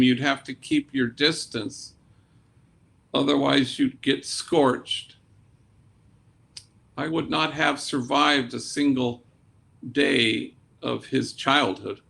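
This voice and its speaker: Priest, man, lively storyteller with a gravelly edge and Spanish asides. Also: medium pitch. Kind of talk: storytelling talk.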